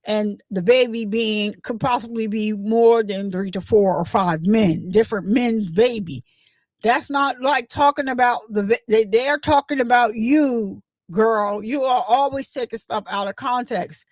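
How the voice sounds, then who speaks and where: A woman, hosting a casual gossip livestream, telling the story in a chatty, animated way and acting out what others said. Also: on the high side, a little slow, no echo. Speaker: livestream host.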